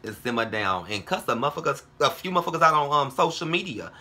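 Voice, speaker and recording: Brash man ranting profanely, bright voice. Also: a little high, lively intonation, fast, husky. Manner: brash, heated, profane, calls viewers girl and ho. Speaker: vlogger. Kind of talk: profane casual vlog rant.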